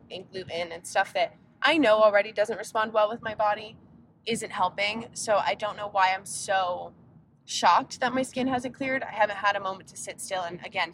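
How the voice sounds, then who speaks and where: A young woman hosting a casual solo podcast while driving, rambling and interrupting herself, sounding a little sick and tired. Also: fairly bright tone. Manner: rambling, chatty, self-interrupting. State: sick, yawning. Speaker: podcast host. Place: inside a car on a road trip. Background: faint road rumble.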